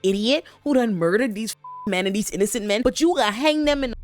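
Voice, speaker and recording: A woman's voice: on the high side, animated, brisk, faint music behind, pitched above the performer's own voice, lightly acted. Woman putting on an exasperated old royal advisor. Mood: scolding. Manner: profane, incredulous scolding. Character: exasperated elderly male royal advisor, a grandfather.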